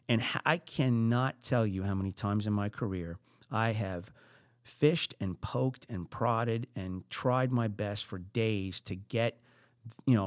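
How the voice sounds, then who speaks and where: A middle-aged man with a New Jersey accent hosting a podcast, giving business advice in an animated way with high emphatic bursts. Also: no room sound, studio quality. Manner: animated, acts out exasperated quotes, rising into high emphatic bursts. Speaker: podcast host.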